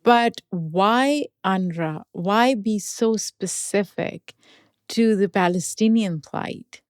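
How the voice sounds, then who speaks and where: A woman hosting a podcast, asking her guest measured, probing questions. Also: mid-range voice, no echo, studio quality. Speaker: podcast host. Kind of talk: interview questions.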